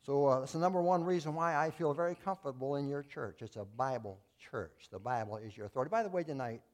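A man preaching a sermon as a Baptist pastor, his voice sitting in an ordinary middle range. He talks in a folksy, plain-spoken way. He swings from loud, emphatic declarations down to quiet asides. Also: mid-range voice, fast talker. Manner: folksy, telling jokes and acting out voices.

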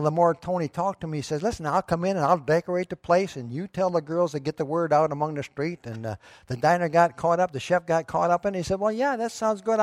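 A man's voice: fairly high pitch, dry recording. Man preaching a conversational sermon. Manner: conversational, rising to emphatic. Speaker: pastor. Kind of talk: sermon with storytelling.

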